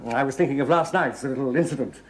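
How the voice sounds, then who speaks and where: An actor playing a smooth, snobbish gentleman with a posh English accent in a studio sitcom, genteel and affectedly polite. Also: medium pitch, fast talker, slight background noise, close to an everyday voice. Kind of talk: 1970s studio sitcom acting.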